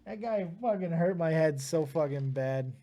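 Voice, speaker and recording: A man's voice: on the high side, expressive, normal speed, warm tone. A young man hosting a live stream, tired and ranting profanely at his chat while taking callers.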